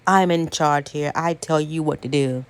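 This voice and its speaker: A woman's voice: sits low, moderate pace, clear, resonant tone, dry recording. A woman voicing a domineering, bossy man from the 1800s, giving curt commands, in a story she tells. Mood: commanding.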